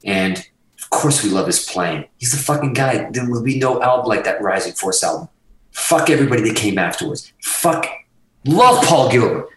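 A man from Massachusetts telling profane, animated stories as a guest on an interview show. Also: medium pitch, normal speed, roomy sound, recorded from a distance, poor audio. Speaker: guest guitarist. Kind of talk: casual storytelling interview.

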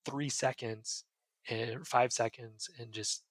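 Taking his time, a man with a steady, mid-range voice talks as a psychiatrist guest on a podcast. He offers casual advice, earnestly unpacking ideas with everyday examples, in a dry recording.

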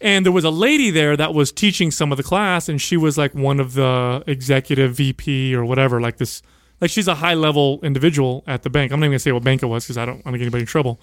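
A man in casual chat, starting a story of his own with relaxed asides. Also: medium pitch, fast talker, no room sound, clean studio sound.

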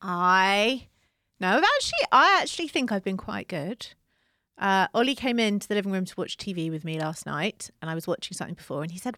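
A woman co-hosting a casual podcast, telling stories in a chatty, animated way with dry humor. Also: medium pitch, normal speed, no room sound. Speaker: podcast co-host. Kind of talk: casual chat.

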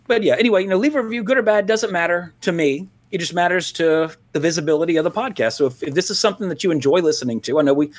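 A man's voice: high-pitched, very fast, hardly any pauses. A man co-hosting a podcast, chatting casually and going off on tangents, laughing often and restarting his sentences. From Louisiana, US. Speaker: podcast co-host. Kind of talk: casual rambling podcast chat.

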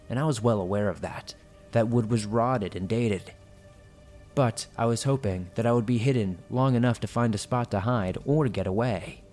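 Low-ish guy reading creepy stories, suspenseful, soft music underneath. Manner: suspenseful storytelling. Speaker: horror story narrator. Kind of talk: dramatic reading of listener horror stories.

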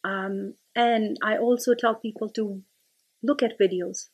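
A woman, a career workshop leader talking as an interview guest, explaining things with examples and animated little stories. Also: medium pitch, unhurried, breathy edge. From India. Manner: storytelling, animated, with frequent restarts. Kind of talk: casual conversational interview.

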